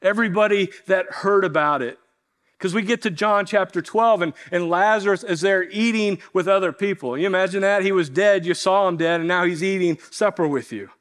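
A man with a fairly high voice delivers a sermon from the pulpit. He talks in an earnest storytelling way, leaning into key words and letting lines land slowly. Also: a bit bright. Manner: earnest storytelling preacher, slows for emphasis. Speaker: pastor.

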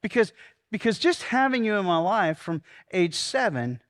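A pastor in his sixties delivers a sermon with a high, light voice. He is earnest and heartfelt, building to fervent pleas before slowing into quiet, deliberate prayer. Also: very animated. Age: 60s. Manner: earnest, rises to fervent pleading then drops to slow soft prayer. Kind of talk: sermon leading a congregational prayer.

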